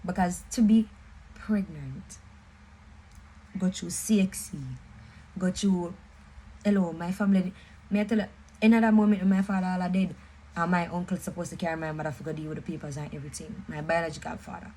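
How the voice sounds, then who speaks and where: A young woman with a Jamaican accent, casually telling a personal story in an animated, emphatic way, mixing patois and English. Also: fairly low pitch, fairly quick, pauses often, husky, rough recording. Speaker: vlogger.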